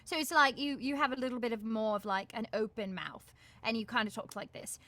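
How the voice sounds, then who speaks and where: A young adult woman from Georgia with a Southern accent, chatting bubbly and fast as an interview guest, full of fillers. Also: a little high, fairly even intonation, bright, forceful tone. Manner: bubbly, quick, many fillers and restarts. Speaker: guest voice actress. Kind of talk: casual interview chat.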